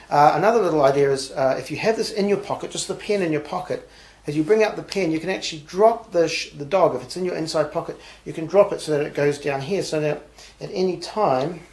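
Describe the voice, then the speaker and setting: A man casually demonstrating and explaining a magic trick, relaxed and talking as he shows each move. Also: a little high, roomy sound. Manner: relaxed, talks while showing moves. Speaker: magic instructor.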